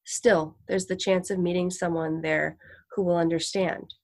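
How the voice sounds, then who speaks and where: Storybook tramp, male, fallen gentleman, grim and weary, read by a woman. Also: fairly low pitch, little pitch movement, a little slow. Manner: grim, muttering to himself.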